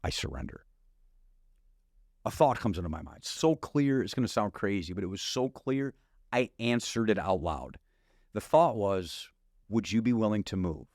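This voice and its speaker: A man's voice: fairly low pitch, normal speed, no echo, clean studio sound. A middle-aged man from Wisconsin telling his testimony as a pastor, laughing often and acting out conversations. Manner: animated, laughs often, acts out dialogue. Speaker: guest pastor. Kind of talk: storytelling testimony.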